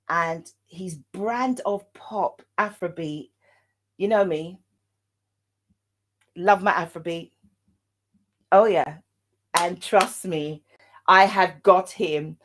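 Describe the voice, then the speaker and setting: A British woman hosting a live online interview show, talking in a chatty, upbeat way with plenty of fillers. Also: medium pitch. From United Kingdom. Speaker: host.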